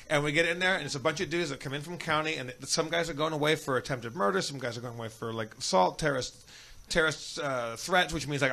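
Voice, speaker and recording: A man's voice: fairly high pitch, sharp tone. A young man telling a rambling, profane jail story as a guest on a comedy podcast.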